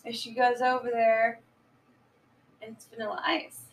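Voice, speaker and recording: A woman's voice: a little high, level tone, unhurried, far from the mic, rough recording. A woman on a podcast casually retelling a movie plot, rambling with many fillers and stoned. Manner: rambling, filler-heavy retelling, acting out quotes. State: high. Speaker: podcast co-host. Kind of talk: casual movie recap chat.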